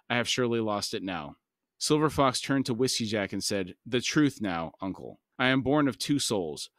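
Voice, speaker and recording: A man's voice: medium pitch, fairly bright tone, no echo, clean studio sound. A man co-hosting a book discussion podcast, reading passages aloud and chatting casually with laughs. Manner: reads text aloud, then chats casually with laughs. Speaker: podcast co-host.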